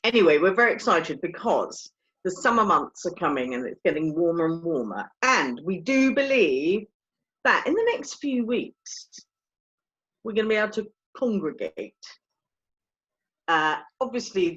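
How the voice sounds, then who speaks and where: Another co-host of the vocal group's update, this woman chats and teases her partner on a video call. She speaks at a moderate pace in a low-leaning, sing-song voice with a slightly bright edge, captured through dull, lo-fi call audio.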